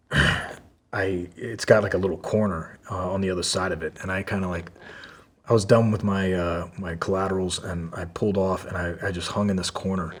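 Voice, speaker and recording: A podcast guest with a low, husky, steady voice casually recounts a story from his past at a normal pace. He swears freely, fills his speech with fillers, and acts out the quotes.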